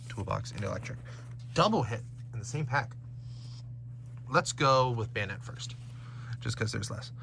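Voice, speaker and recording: A man with a bright, forceful voice rattles through card names and stats, his pitch bouncing all over. He sounds like a casual home video, with faint noise in the background. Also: gravelly. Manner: animated, reads card names and stats aloud. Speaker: card-opening YouTuber. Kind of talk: casual card-opening commentary.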